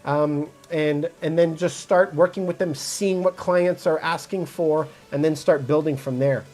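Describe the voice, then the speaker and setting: A realtor from Montreal, Canada, fields viewers' chat questions on a phone livestream. The delivery is direct and casual, with a motivational push. The voice sits at a middle pitch, and faint music plays in the background. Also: fairly even intonation, unhurried, darkish tone. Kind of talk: livestream Q&A answering chat comments. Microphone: phone mic.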